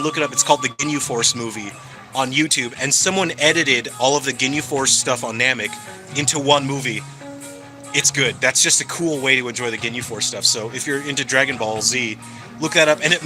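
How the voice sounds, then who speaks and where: A man's voice: fairly high pitch, rough recording. A man chatting casually and cheerfully on a live stream, answering his viewers as he goes. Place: hangout spot in California.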